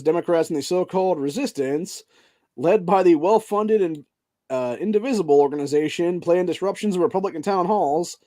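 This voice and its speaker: Man with a slightly high voice, swearing heavily as he rants. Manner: heavy profanity, keeps tacking "dude" onto sentences; angry, heated tirades between flat read-outs. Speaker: podcast host. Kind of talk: reading news articles aloud and ranting over them.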